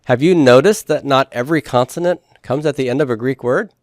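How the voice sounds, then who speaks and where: A man's voice: mid-range voice, brisk, no echo, clean studio sound. A man teaching a classroom lecture, explaining step by step and checking in with the students, with the odd playful joke. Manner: explains step by step, often checks understanding with "right?" and "okay?"; playful with jokes and puns. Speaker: Greek teacher.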